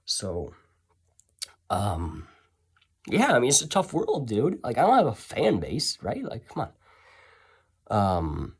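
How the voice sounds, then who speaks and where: A man's voice: mid-range voice, huge pitch swings, slow, pauses often, husky. A man telling a story in a casual, rambling way, full of sarcastic asides and self-corrections.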